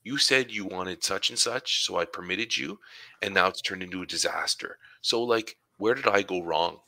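A man with a very deep, strikingly bright and forceful voice talks casually about his work as a supply teacher. He tells his stories by acting out what he and his students said. The sound is dry and close, with no room echo. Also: normal speed, creaky. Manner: storytelling, acts out dialogue with students. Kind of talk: casual conversation.

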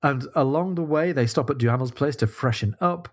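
A man co-hosting a casual book discussion podcast, reading passages aloud with feeling between halting restarts. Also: medium pitch. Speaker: podcast co-host.

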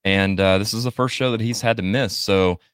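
A man hosting a live podcast in a casual, halting way, reading out listener comments and answering them. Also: lowish voice, fairly even intonation, smooth, dry recording, studio quality. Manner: halting, many fillers and restarts. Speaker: podcast host. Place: Missouri area studio.

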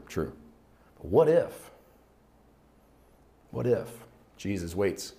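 Middle-aged man, pastor, low voice, easygoing sermon delivery that rises and drops in volume. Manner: reflective, conversational preaching with swings in loudness.

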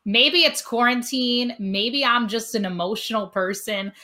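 Casting: gushing woman interviewer, bright and forceful tone, laughs a lot. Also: on the high side, unhurried. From Cincinnati, Ohio. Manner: effusive, laughs often, loud when excited. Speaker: podcast host. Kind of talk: casual interview chat.

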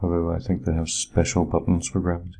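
A man's voice: sits low, monotone, fast, warm tone. A man in casual chat, jokey and chatty, often repeating words.

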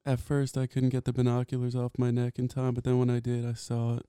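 Dark, smooth-voiced playful man. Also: mid-range voice, completely flat delivery, fairly quick, no echo, studio quality. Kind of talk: comedic banter.

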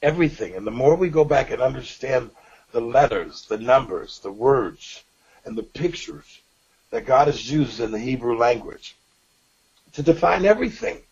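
A deeply raspy, husky man co-hosts a faith-based talk show in an earnest, preaching manner. His voice comes through muffled and lo-fi. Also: animated, moderate pace. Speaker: co-host.

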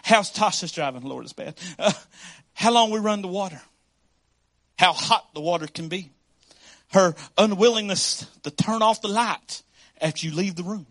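High-voiced bright pastor preaching. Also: male voice, normal speed. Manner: storytelling with laughs and acted quotes. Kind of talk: sermon.

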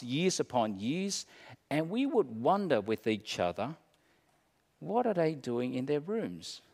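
A man preaching as a pastor, slow and dramatic, dropping to a hush and then rising. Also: medium pitch, long reverb tail. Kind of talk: sermon.

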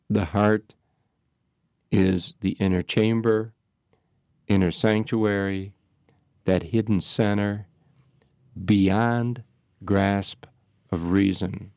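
A man speaking as a priest, reflecting on prayer in slow, measured phrases with pauses. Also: low voice, gravelly, a little mellow, no echo, studio quality. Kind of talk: reflective spiritual talk.

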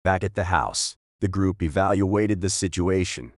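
A man reads a story aloud at a steady, measured pace. His voice sits low, and the recording is dry and close. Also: no echo. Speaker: narrator. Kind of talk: audiobook narration.

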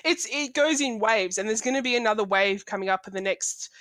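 A woman's voice: mid-range voice, fairly quick, fairly bright tone, no echo. A woman, a guest author on a podcast, talking in wry, casual chat.

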